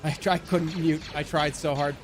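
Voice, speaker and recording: Slightly high-voiced guy streaming, flustered and giggly, music playing behind him. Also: little pitch movement, normal speed. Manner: giggly, flustered, apologetic rambling. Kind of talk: casual gaming stream chat.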